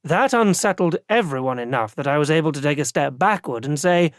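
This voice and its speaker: Male audiobook narrator, first-person, measured reading, dry studio sound. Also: fairly high pitch, animated, fairly bright tone, no echo.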